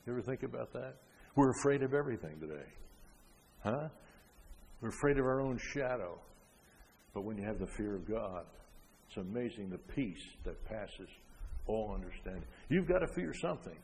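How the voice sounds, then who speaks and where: An older man preaching a sermon, emphatic, with frequent rhetorical questions, rising loud and then dropping soft. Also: fairly low pitch, expressive, moderate pace, creaky, pauses often, slight background noise. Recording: long hall reverb.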